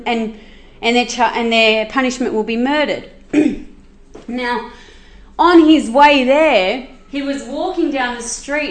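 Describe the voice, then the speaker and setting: A woman retells a Bible story in a chatty, animated way, full of asides and quick restarts. Her voice is high. The room around her is noticeably echoey. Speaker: Bible teacher.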